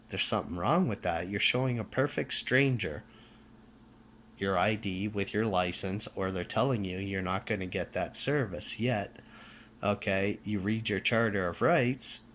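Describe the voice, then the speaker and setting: A man's voice: low voice, fairly bright tone, a little hiss or hum. Fiery preachy Canadian man ranting. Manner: emphatic, repeats "okay?" and restarts. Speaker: vlogger. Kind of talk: casual rant to camera.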